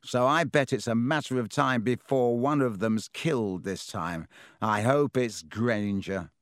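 A man's voice: medium pitch, moderate pace, no room sound, clean studio sound, close to an everyday voice. A man reading a story aloud and voicing a sneering, spoiled schoolboy wizard with a drawling, scornful manner.

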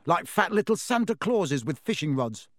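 A man's voice: on the high side, sing-song, moderate pace, a bit bright, no echo. Teenage boy, offhand, grim, as a man puts him on, lightly raised voice, dry close sound. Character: lanky teenage boy, matter-of-fact.

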